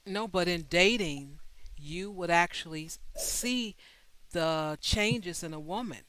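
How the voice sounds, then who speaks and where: A man's voice: sits high, slow pace, pushed and bright, dry recording. A man hosting a livestream advice show, answering a caller bluntly and directly.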